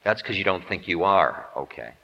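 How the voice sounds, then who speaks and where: A man teaches on the spiritual life with a lively, swooping delivery and a bright, forceful edge to his voice. He jokes at his own expense and slips into little acted voices for his stories. The sound is dull and archival, with a long hall reverb trailing every phrase. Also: sits low, normal speed, creaky. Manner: playful, self-mocking humor; acts out quoted voices. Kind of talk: spiritual lecture.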